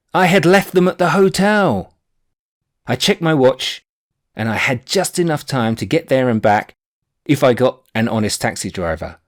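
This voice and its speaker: A man reading his own book aloud, telling a personal anecdote in a wry, animated way. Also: mid-range voice. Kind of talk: audiobook narration of a personal anecdote.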